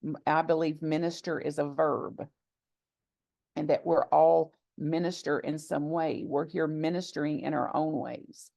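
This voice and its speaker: Low, gravelly woman minister teaching. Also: steady tone, dark tone, no echo, muffled recording. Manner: deliberate, reflective, repeats key phrases for emphasis. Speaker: minister and author. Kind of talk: teaching talk to a live congregation. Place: gathering with a live audience.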